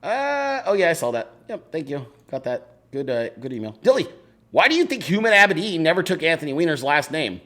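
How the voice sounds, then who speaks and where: A man's voice: a little high, very animated, fairly quick, sharp tone. A man hosting a casual chat show, reading viewer emails aloud and answering them in a loose, profane, laughing way.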